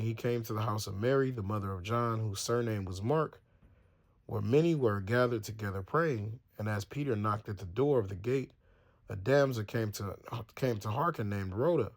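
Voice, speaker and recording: A man leading a casual Bible study, reading old-fashioned scripture and then retelling it in loose everyday slang. His voice sits at an ordinary middle pitch. He often restarts his sentences and thinks out loud as he goes. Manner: reads scripture then explains it in casual slang, acting out the people in the story; stumbles and restarts, thinks aloud while checking facts. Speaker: Bible teacher.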